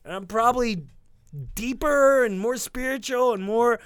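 A middle-aged man, a comedian guest, telling a story animatedly in a casual interview and slipping into loud mock quotes of other people. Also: very high voice, measured pace, clean tone, no room sound, studio quality.

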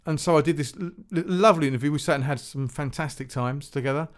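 A man's voice: fairly high pitch, fast. A man hosting his own music podcast, chatting casually and rambling with fillers and restarts. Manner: rambling, self-deprecating, many fillers and restarts. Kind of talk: casual solo podcast chat.

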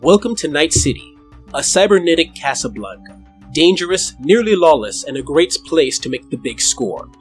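A man narrates as game master in a slightly high voice. He sets the scene in a dramatic storytelling style. Faint music plays underneath.

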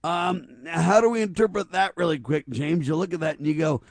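A man's voice: fairly high pitch, a little fast, vocal fry, hardly any pauses, no room sound, studio quality. A man hosting a talk radio show, speaking emphatically and stacking rhetorical questions. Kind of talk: conservative talk radio commentary.

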